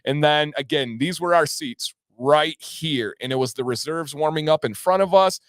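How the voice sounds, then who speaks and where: Upbeat male livestream host, smooth voice. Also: a little high, normal speed, no echo, studio quality. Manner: enthusiastic, reads out viewer names. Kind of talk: casual livestream chat.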